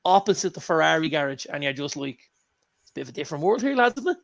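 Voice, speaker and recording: An Irish man co-hosting a casual chat show, telling lively anecdotes and swearing freely. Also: a little high, fast talker, gravelly. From Ireland. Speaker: co-host.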